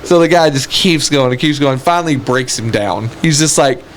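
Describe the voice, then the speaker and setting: A man's voice: medium pitch, moderate pace, a little hiss or hum. A man co-hosting a podcast, telling a story in a casual chat and laughing often as he talks. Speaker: podcast co-host.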